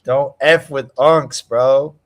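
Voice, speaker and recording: A young man hosting a casual live stream, trading slangy trash talk and cheering loudly at fight moments. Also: medium pitch, steady tone, slow pace. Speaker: stream host.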